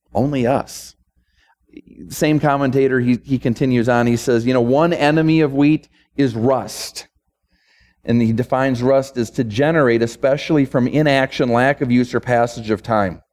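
A man's voice: mid-range voice, fairly even intonation, normal speed, darkish tone. A male pastor delivering a sermon and prayer, building emphatic, repetitive rhetorical runs.

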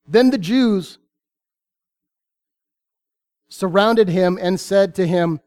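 A man preaching a sermon, reading scripture aloud with earnest, deliberate pauses. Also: high-pitched, a little mellow.

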